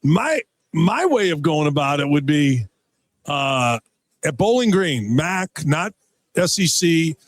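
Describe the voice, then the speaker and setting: A man in his sixties, a radio guest and former player, telling rambling, excitable sports stories and stumbling over repeated words. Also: on the high side, slow, no room sound. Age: 60s. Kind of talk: animated sports radio storytelling. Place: radio row booth at a big game.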